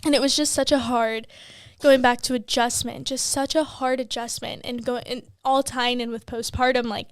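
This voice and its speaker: A woman's voice: on the high side, little pitch movement, normal speed, no room sound. A young woman and new mom co-hosting a podcast, rambling candidly with lots of "like" and casual swearing. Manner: rambling, heavy on "like", swears freely.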